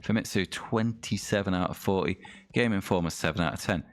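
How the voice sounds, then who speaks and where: A man's voice: sits low, a little fast. A man streaming a retro racing game, chatting casually with his viewers and reading things aloud with dry comments.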